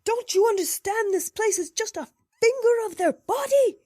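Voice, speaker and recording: A woman voicing a panicked, cornered man who shouts shrilly in indignation. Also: animated, moderate pace, no echo, clean studio sound. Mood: outraged. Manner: shouting in a high, cracking voice.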